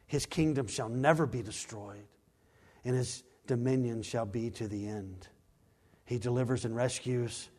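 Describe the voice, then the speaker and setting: A man preaching a sermon, dropping to slow, quiet emphasis and climbing to loud, raised scripture reading, with quick acted asides. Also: medium pitch. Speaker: pastor.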